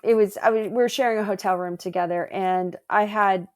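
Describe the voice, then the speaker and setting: A woman guest, an energy healer, chatting casually and telling stories with lively acted-out quotes. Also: fairly quick. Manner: animated, acts out quotes in a higher voice. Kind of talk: casual storytelling chat.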